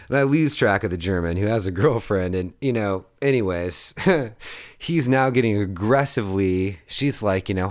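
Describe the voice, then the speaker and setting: A man's voice: sits low, expressive, a little slow. A man in his thirties telling a long story in a casual monologue. He rambles, swears freely and laughs at his own jokes. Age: 30s. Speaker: podcast host.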